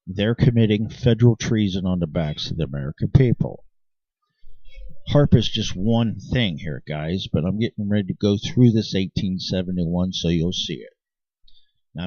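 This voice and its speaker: A channel host speaks to his viewers in an impassioned, insistent monologue, his fairly low, dark-toned voice often restarting sentences. The manner is emphatic throughout. The recording is dry and dull lo-fi with no room sound.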